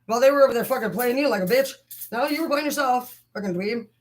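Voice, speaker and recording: A woman's voice: fairly high pitch, fast talker, rough recording. A young woman hosting a livestream, talking in a heated, profane, rambling way. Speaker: livestream host. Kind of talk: casual livestream rant.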